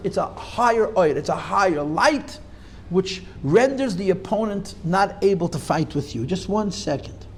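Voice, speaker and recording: A rabbi teaches a class in an emphatic lecturing manner, forcefully repeating his main points and sprinkling Hebrew and Yiddish terms through his English. His voice sits high.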